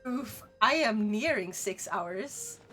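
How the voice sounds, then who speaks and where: A woman's voice: medium pitch, animated, takes it slowly, a bit bright, faint music behind. A woman from Sweden with a Swedish accent, chatting casually with live viewers as a streamer, blunt and laughing often.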